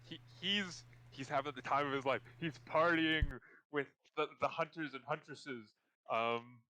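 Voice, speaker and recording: A man's voice: on the high side, unhurried, sharp tone, poor audio. A man narrating a tabletop game as game master, rambling and repeating words as he goes.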